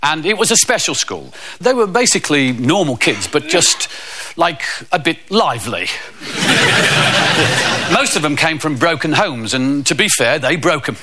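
A man doing a stand-up comedy routine, telling deadpan stories and putting on voices. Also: on the high side, a little slow. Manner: deadpan anecdotal storytelling with character voices. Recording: loud background noise.

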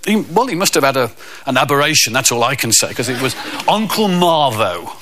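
A man's voice: medium pitch, brisk. Man telling stand-up comedy stories. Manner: deadpan anecdotal storytelling with character voices. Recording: loud background noise.

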